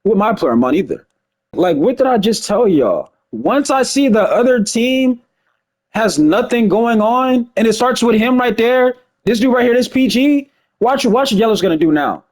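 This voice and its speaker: A man giving a casual, emphatic breakdown of a basketball game replay, talking fast and checking in with his viewers as he goes. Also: extremely high pitch, big pitch swings, a little mellow. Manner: fast-talking, emphatic, keeps asking "you see what I'm saying". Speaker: gaming video commentator.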